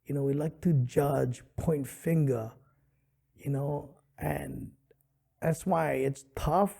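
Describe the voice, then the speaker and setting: A middle-aged man from Hawaii, a comedian telling stories in an animated way with many fillers, on a studio podcast mic. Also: a little high, takes it slowly, vocal fry, husky. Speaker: comedian and guest. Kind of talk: casual interview storytelling.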